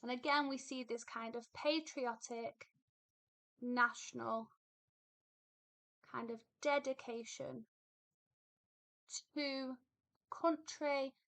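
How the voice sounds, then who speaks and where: A woman's voice: high voice, fairly even intonation, slow, creaky, long pauses, a bit bright. A woman teaching a poetry lesson, explaining patiently and thinking aloud with fillers and repeated phrases. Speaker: English literature teacher.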